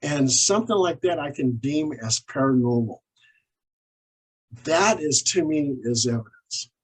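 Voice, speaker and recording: A man's voice: fairly high pitch, unhurried, breathy edge, low-quality recording. A man, a paranormal investigator, telling stories of his cases in an interview and acting out the dialogue. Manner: animated anecdotes, acts out quoted dialogue. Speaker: paranormal investigator and author, guest. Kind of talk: storytelling in an interview.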